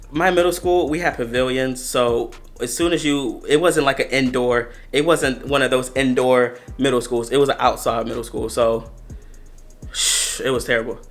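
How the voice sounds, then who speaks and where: A man in his twenties telling a story to the camera in a casual, slangy, animated way, often talking straight to his viewers. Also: mid-range voice. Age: 20s. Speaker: storytelling vlogger.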